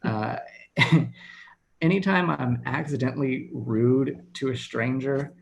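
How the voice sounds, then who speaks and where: A man's voice: medium pitch, slow, gravelly. A man in his thirties from Texas doing a stand-up set over a video call, self-deprecating and laughing at his own jokes. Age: 30s. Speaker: stand-up comedian.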